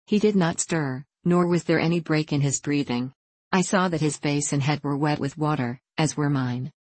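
A woman reads a classic adventure novel aloud with a measured, storytelling delivery. Her voice sits low. The sound is dry and close, with no room around it. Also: darkish tone, no echo. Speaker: audiobook narrator. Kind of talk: audiobook reading of a classic novel.

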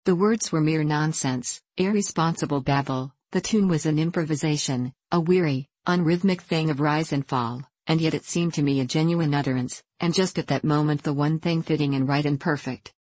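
A woman narrating a classic storybook in a measured, literary way. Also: low voice, a little mellow, no echo. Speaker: audiobook narrator. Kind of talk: storybook reading.

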